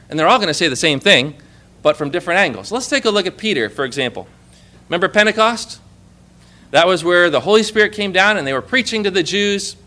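Bright, high-voiced male preacher. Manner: animated, asks the listeners questions. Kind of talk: conversational sermon.

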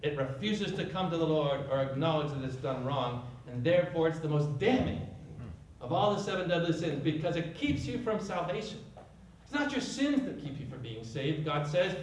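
A man's voice: sits high, a little hiss or hum. A man preaching a sermon with emphatic delivery and rhetorical questions, speaking to a congregation. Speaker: pastor. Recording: echoey room, mic at a distance.

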